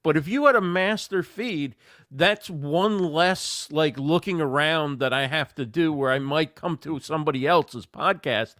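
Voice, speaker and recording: A man's voice: a little high, measured pace, fairly bright tone, no room sound, studio quality. A man appearing as a guest on a podcast, thinking aloud in a casual, hesitant way with frequent laughs. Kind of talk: casual chat.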